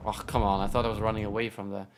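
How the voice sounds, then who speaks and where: A man's voice: on the low side, flat delivery, very fast. A man streaming a shooter game live, chatting casually, thinking aloud, grumbling at his play and thanking donors. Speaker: gaming streamer. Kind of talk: casual live-stream commentary while playing. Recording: clear background noise.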